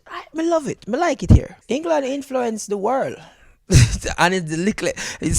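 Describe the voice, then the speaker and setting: A Jamaican man, a comedian, chatting in an interview, animated, switching between accents and laughing often. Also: high-pitched, creaky, dry recording, clean studio sound. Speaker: comedian guest. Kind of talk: casual interview chat.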